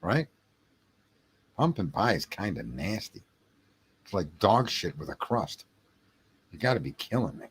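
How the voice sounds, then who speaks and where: A man's voice: low-pitched, sing-song, measured pace, long pauses, a little hiss or hum. A man hosting a late-night livestream, chatting casually and profanely with his viewers. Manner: rambling, profane, jokey banter with chat. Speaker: livestream host reading chat.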